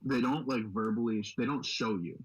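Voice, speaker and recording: A young man co-hosting a podcast in casual chat, swearing constantly and rambling excitedly. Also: medium pitch, fairly quick, dull audio. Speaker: podcast host.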